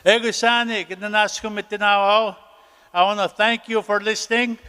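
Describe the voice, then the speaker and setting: Bright, crisp-voiced older man in a hall. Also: high-pitched, steady tone, moderate pace. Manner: storytelling, folksy and encouraging. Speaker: councillor giving a speech. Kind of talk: motivational conference speech. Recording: reverberant hall.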